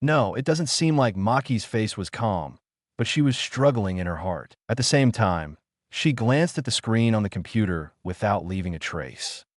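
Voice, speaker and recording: Guy narrating an audiobook, low voice, lots of ups and downs, dry sound. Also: expressive, moderate pace, no room sound.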